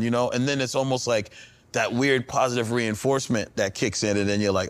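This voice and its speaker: A man's voice: medium pitch, a little fast, a bit bright. A man telling a story in a casual interview, imitating the people he describes.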